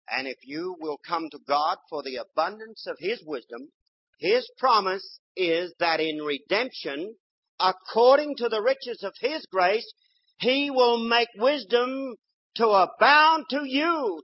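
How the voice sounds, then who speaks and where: An older man preacher delivering a sermon, swinging from loud exhortation to quiet, low storytelling. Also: breathy edge. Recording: dull lo-fi sermon recording.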